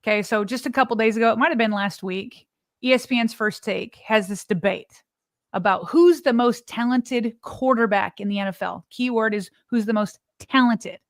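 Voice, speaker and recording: A woman co-hosting a sports podcast, giving emphatic, animated opinions in casual talk. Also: a little high, moderate pace, no room sound, clean studio sound. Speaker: podcast co-host.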